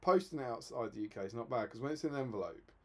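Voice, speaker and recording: A man co-hosting a casual livestream, telling stories in an animated, exasperated way. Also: medium pitch, very fast. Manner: animated, exasperated storytelling with laughs. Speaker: co-host.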